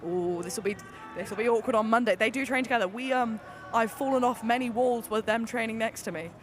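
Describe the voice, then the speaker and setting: A woman doing live sports commentary, excitable and gushing, with lots of fillers and restarts. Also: a little high, a little fast, over music. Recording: busy venue noise behind.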